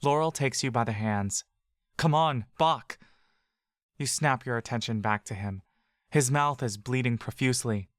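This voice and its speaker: An audio drama narrator reading scripted fantasy narration in the second person, slow and measured. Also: mid-range voice, no echo, studio quality.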